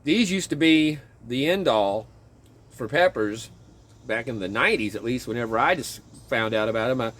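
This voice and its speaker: Here the gardening vlogger chats at a normal speed in a mid-range voice while standing in his garden. His talk is loose and rambling, full of chuckles and self-interruptions.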